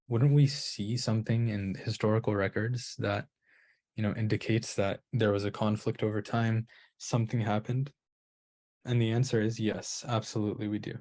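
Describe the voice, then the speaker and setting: A man's voice: lowish voice, a little mellow. A man giving a lecture on Qur'an pronunciation, thinking aloud with restarts and checking in with "right?". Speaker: Qur'an recitation teacher. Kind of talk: explanatory lecture.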